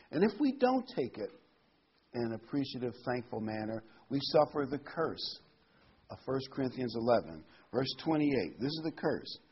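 A man's voice: mid-range voice, husky, muffled recording. A man preaching a sermon, earnest and emphatic, reading scripture aloud and stressing key words.

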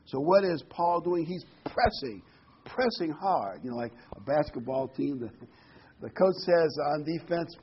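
A man preaching a sermon, animated and repeating key words for emphasis, heard on a dull lo-fi recording. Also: a little high, moderate pace, breathy edge.

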